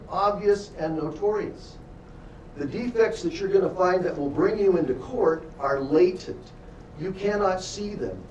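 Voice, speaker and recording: A man with a fairly high voice gives an anecdotal lecture to students. He tells stories with emphasis and addresses the room directly. His voice carries from a distance through an echoey hall, with a faint hum behind it. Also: a little mellow, highs cut off. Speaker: guest lecturer and defense attorney.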